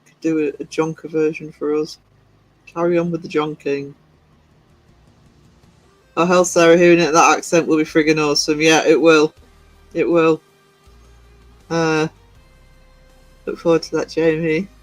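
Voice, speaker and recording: A man's voice: fairly high pitch, little pitch movement, measured pace, long pauses, no echo, poor audio. A man hosting a livestream, giggling as he reads out chat messages. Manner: giggly, reading chat aloud. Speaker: livestream host. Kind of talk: casual live-stream chat. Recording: faint music behind.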